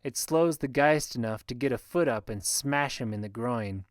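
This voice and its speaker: A man narrating a first-person fantasy audiobook in a steady, measured reading, recorded close on a studio mic. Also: mid-range voice, no echo.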